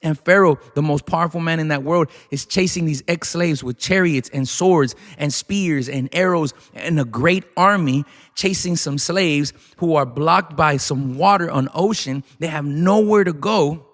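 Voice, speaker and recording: Male preacher, fairly high voice, urgent and repetitive, with a long hall reverb. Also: measured pace, hardly any pauses, a bit bright. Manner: emphatic, repetitive, urgent exhortation. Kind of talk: sermon.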